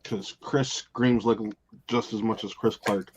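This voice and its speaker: A man guest joking quickly during a casual movie watch-along. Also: lowish voice, steady tone, a little hiss or hum, low-quality recording. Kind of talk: casual chat.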